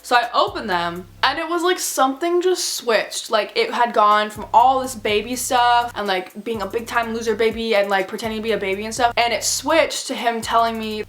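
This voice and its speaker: A woman's voice: medium pitch, a little fast, a bit bright. A young woman telling a storytime vlog in a chatty way, saying "like" a lot and acting out what people said. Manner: chatty, heavy use of "like", acts out quotes. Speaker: YouTuber.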